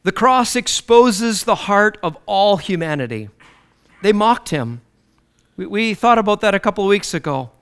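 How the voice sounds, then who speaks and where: Man, preacher, sermon, high voice, very animated pitch, dramatic delivery. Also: normal speed, smooth. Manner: dramatic, swinging from loud declarations to low hushed lines.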